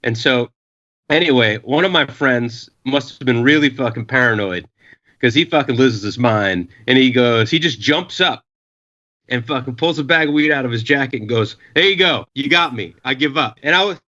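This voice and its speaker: Rambling, profane male storyteller, bright tone, muffled lo-fi recording. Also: medium pitch, normal speed. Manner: rambling, profane, many filler uhs, acts out quotes. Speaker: podcast guest. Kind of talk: casual storytelling.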